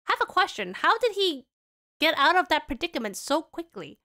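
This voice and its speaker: Excitable woman game streamer, very high, lively delivery. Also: fairly quick. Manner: chatty, rambling, excitable. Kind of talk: casual game commentary.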